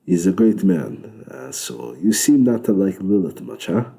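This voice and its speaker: An earnest male angel detective questions a suspect bluntly and directly, as a man reads him. The voice is very low and gravelly. Its tone is dark and mellow. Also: very animated, unhurried, exaggerated voice. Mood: probing.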